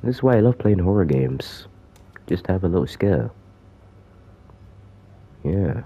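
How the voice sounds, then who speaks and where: A man's voice: sits low, big pitch swings, a little slow, warm tone. A man giving joking commentary as he plays a horror game, talking to the character chasing him. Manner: jokey, talks to the game's villain. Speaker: gaming YouTuber.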